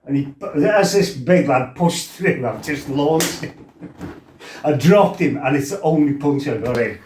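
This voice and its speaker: A man's voice: on the high side, expressive, a little slow, darkish tone, echoey room, slight background noise. A middle-aged man tells his life story casually, laughing, swearing and acting out what people said. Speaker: former fighter telling his life story.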